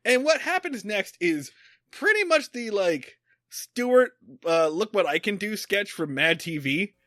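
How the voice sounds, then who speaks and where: A man's voice: high voice, big pitch swings, a little slow, bright, forceful tone, no room sound, studio quality. A man co-hosting a comedy podcast, ranting angrily and swearing emphatically. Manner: angry, profane, emphatic ranting. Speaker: podcast co-host.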